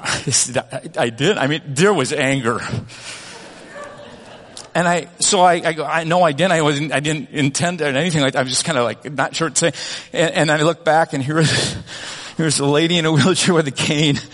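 A man's voice: fairly high pitch, moderate pace, a bit bright. A man preaching a sermon, telling a humble story about himself with many restarts and self-corrections. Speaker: pastor. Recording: long reverb of a church hall.

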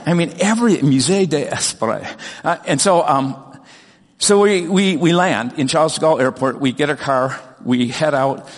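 A middle-aged man preaching a sermon, telling a personal story in an earnest, animated way with frequent restarts. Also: fairly high pitch, normal speed, big-room sound. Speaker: pastor.

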